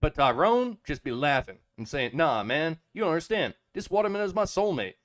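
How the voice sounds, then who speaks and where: A man's voice: on the high side, big pitch swings, brisk, dry recording, pitched above the performer's own voice. A man putting on the voice of a brash young male storyteller, reading aloud with emphatic, drawling slang. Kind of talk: dramatic reading of a chatbot text.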